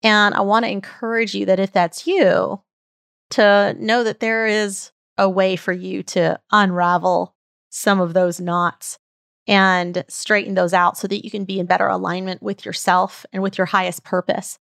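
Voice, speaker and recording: Earnest woman with a gravelly edge. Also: medium pitch, flat delivery, measured pace, a bit bright, no echo, studio quality. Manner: earnest, heartfelt, tells stories at length. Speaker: podcast host. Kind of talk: reflective personal storytelling.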